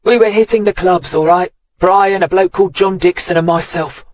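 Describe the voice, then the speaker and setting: A man's voice: sits high, fairly even intonation, moderate pace, lightly acted. A man voicing a sullen, snarling small-time pimp under police questioning in an audiobook. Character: surly small-time male pimp suspect. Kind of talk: audiobook character voice.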